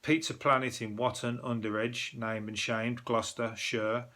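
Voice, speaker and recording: A man's voice: mid-range voice, little pitch movement, moderate pace, bright, forceful tone. A man with a Birmingham accent, host of a newspaper review, chatting casually in a sweary, sarcastic, rambling way. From Birmingham, England. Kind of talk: casual chat.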